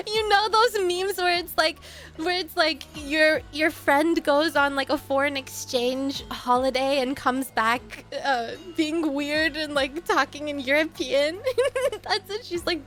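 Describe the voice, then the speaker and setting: On a live stream, a young woman with a high, light voice chats a little slowly, drifting between tangents and laughing often. Soft music plays underneath, and she breaks off mid-story to greet viewers by name.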